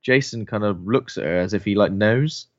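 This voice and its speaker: A man's voice: fairly low pitch, moderate pace, no room sound, lo-fi sound. A man co-hosting a casual film podcast, musing about the plot and answering trivia with jokey asides. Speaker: podcast co-host.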